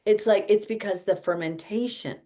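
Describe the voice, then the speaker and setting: Her voice is medium-pitched and warm, moving at a moderate pace, as she leads her fellowship group in a relaxed health teaching chat. She rambles chattily and often corrects herself.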